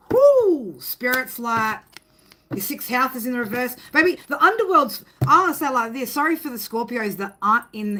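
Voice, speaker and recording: A woman's voice: mid-range voice, background noise. A woman giving a casual spoken tarot reading, rambling and emphatic, swearing freely and often tagging her sentences with "right?". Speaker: tarot reader.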